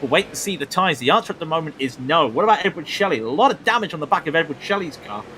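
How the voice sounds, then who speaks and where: Excitable, high-voiced race commentator man. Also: very fast, slight background noise. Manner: excitable, ranting. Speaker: sim racing commentator.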